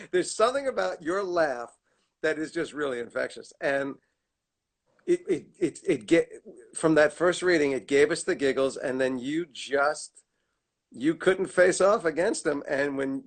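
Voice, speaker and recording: Animated, laughing man telling stories. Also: on the high side, measured pace. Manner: animated storyteller, laughs often. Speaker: guest actor. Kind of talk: casual reminiscing chat. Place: at home. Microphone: video call.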